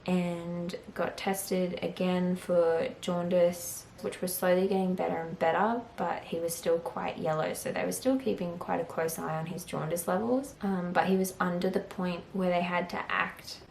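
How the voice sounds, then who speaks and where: A woman's voice: lowish voice, fairly even intonation, moderate pace, creaky, hardly any pauses, darkish tone, a little hiss or hum. A young woman vlogger telling her own story in a candid, chatty way, full of "like". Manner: chatty, open, heavy use of "like". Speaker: vlogger, new mother. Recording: echoey room.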